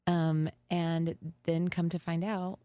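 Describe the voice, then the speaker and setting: A woman speaks as a therapist and guest host, measured and thoughtful as she works through her explanations with care. Her voice is on the low side and dry, recorded close with no room around it. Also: little pitch movement, mellow, dry recording. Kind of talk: conversational interview talk.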